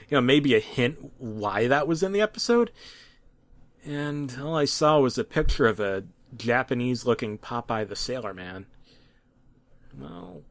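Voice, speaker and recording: Man, mock-serious horror narration, deadpan, dry close recording. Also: mid-range voice, dry recording. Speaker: creepypasta narrator.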